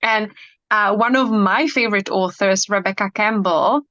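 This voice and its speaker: A woman's voice: mid-range voice, moderate pace, bright, forceful tone, dry recording. A woman speaking as a hypnotherapist guest in a casual interview, earnest and enthusiastic, with many fillers. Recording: dull lo-fi dry sound.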